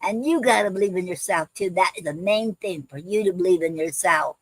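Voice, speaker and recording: A woman's voice: lowish voice, a little fast, slightly rough, dry recording, rough recording. A woman hosting a poetry livestream, chatting casually with many ums and restarts and calling her viewers family. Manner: affectionate toward viewers, calls them fam.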